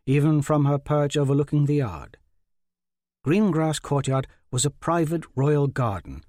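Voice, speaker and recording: A man reading a dark fantasy audiobook in a measured, dramatic narration. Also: mid-range voice, dry recording, studio quality. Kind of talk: scripted narration.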